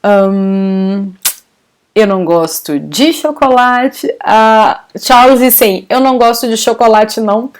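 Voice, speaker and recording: A woman's voice: on the high side, unhurried. A Brazilian woman with a Brazilian Portuguese accent, a native Portuguese speaker teaching a live online language lesson, encouraging her students and often laughing as she reads out their comments.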